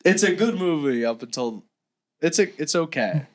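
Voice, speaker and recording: A young man co-hosting a casual podcast, excitable, swearing freely and laughing often. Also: fairly high pitch, normal speed. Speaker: podcast co-host. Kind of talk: casual chat.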